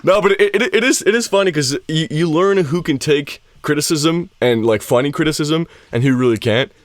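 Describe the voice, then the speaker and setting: A man's voice: fairly high pitch, brisk, no echo. A young man co-hosting a casual chat, laughing often and acting out quoted lines in swearing banter. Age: young adult. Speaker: podcast co-host.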